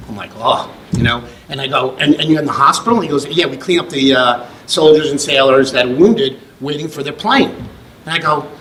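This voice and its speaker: Bright-voiced man telling a rambling story. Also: fairly high pitch, quick pace, a little hiss or hum, poor audio. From United States. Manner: rambling anecdotal delivery with many restarts. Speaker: presenter at a business awards ceremony. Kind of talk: storytelling speech. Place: function room.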